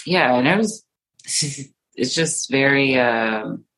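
A young woman, an interview guest, recounts a hard personal experience in conversation, halting, with many fillers and restarts, her voice often soft and trailing off. Her pitch is extremely low but her intonation lively, in a low-quality recording.

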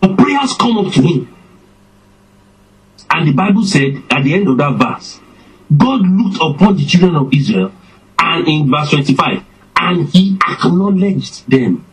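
A man preaching a sermon, slow and emphatic, his voice swinging up and down for effect. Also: on the high side, sing-song, husky, low-quality recording.

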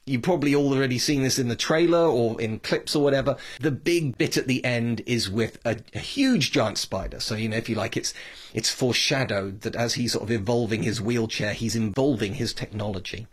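A man's voice: mid-range voice, brisk. British man, podcast host, rambling casual monologue, opinionated asides. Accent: British English. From Britain. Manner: chatty, digressive, opinionated.

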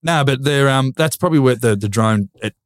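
A man's voice: medium pitch, a little fast, dry recording, clean studio sound. A man in his thirties with an Australian accent, a former footballer talking as a podcast guest. He is earnest and reflective, and he often repeats words while he works out a thought. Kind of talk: casual conversation.

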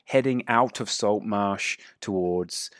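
A man's voice: fairly low pitch, takes it slowly, no echo, clean studio sound. A man hosting and narrating a tabletop game as game master, describing scenes at length with many fillers.

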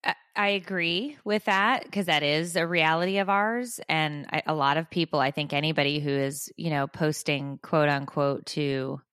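A woman's voice: sits low, normal speed, few pauses, a bit bright, clean tone, dry recording, studio quality. A woman in her forties co-hosting a podcast, chatting casually and rambling with frequent laughs. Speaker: podcast co-host. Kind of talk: casual chat.

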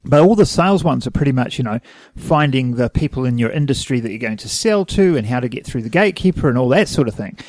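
A man's voice: mid-range voice, lively intonation, quick pace, few pauses, a little mellow, no room sound. Easygoing New Zealand man on a podcast. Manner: easygoing, laughs readily, digresses. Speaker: podcast co-host. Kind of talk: casual chat.

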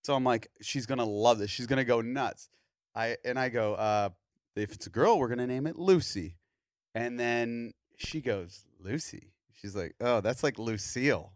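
A man's voice: mid-range voice, normal speed, no room sound, clean studio sound. A man in his thirties hosting a podcast, telling a story in casual chat and acting out other people's lines as he goes. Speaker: podcast host.

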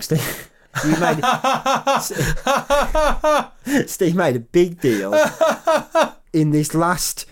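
A young man co-hosting a podcast, telling stories in casual chat and swearing freely. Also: mid-range voice. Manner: animated, swearing storyteller. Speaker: podcast co-host.

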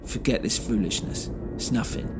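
A man voicing a hostile, forceful husband, aggressive and dismissive, with music underneath. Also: moderate pace, close to an everyday voice.

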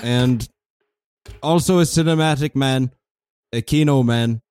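A man's voice: mid-range voice, unhurried, darkish tone, clean tone, no room sound, clean studio sound, lightly acted. A man playing a formal German cable-TV presenter in a mock announcer voice.

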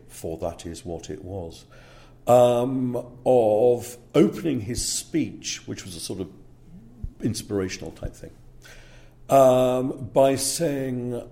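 A man's voice: mid-range voice, lively intonation, takes it slowly, gravelly, mellow. A man working as a speaker agent, talking casually in an interview and checking in with "yeah?" between fillers.

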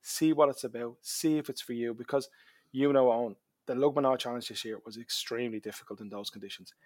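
Give me an Irish man with a mid-pitched voice, telling a story in a dry, close recording. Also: quick pace, no room sound. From Ireland. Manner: animated storyteller, drops to a near-murmur at quiet moments. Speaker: charity hike organizer, guest. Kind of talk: storytelling in a podcast interview.

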